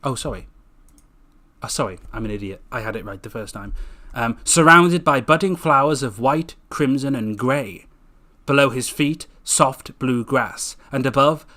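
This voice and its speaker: A man's voice: mid-range voice, fairly bright tone. A man reading his own book aloud casually, tripping over words and correcting himself with jokey asides.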